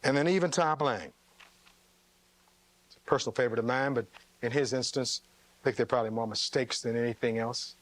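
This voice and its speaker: A man's voice: medium pitch, fairly quick, long pauses, a bit bright, dry recording. Emphatic man giving a closing argument. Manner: reads testimony aloud and fires rhetorical questions to the jury. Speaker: defense attorney.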